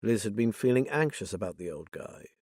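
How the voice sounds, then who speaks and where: A man narrating a thriller audiobook in a measured, even reading. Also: fairly low pitch, slightly rough, no room sound, studio quality. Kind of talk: scripted narration.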